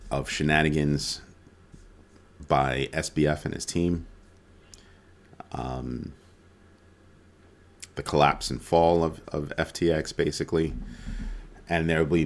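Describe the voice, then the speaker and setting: A man hosting a casual weekly crypto roundup, talking loosely and conversationally with frequent ums and self-corrections. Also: a bass voice. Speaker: crypto video host.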